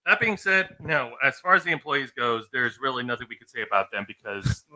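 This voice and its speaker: Brief: man co-host, casual live chat, lively pitch and a bright tone. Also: a little fast, poor audio. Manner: earnest, addressing viewers directly. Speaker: podcast co-host.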